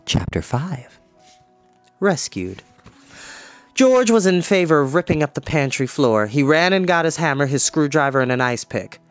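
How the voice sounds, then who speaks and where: A storyteller reading a children's book aloud in an expressive, lively way. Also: medium pitch, moderate pace, no room sound, faint music behind.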